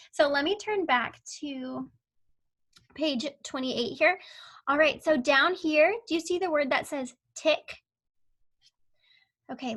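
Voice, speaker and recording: Slow, bright-voiced woman teaching kindergarteners. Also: high voice. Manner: patient, slow, sounds out words and letters. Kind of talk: online phonics lesson for young children.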